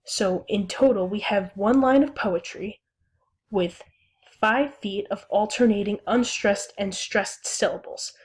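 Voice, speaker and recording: In a recorded lesson, a young female teacher pronounces syllables one at a time, taking a slow, deliberate pace. Her pitch is medium, with a slightly rough quality.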